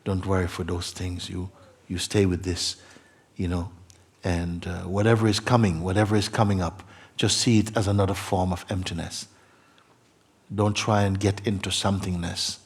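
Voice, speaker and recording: A man, a spiritual teacher, speaking earnestly to a seeker, moving between soft murmurs and emphatic, laughing passages. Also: low-pitched, level tone, moderate pace, husky. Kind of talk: satsang talk to a seeker. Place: meeting hall.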